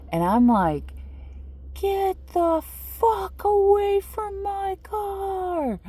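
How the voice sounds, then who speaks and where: A woman vlogging from inside her car, casually telling a story to the camera with lots of "like" and "you know". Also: low voice.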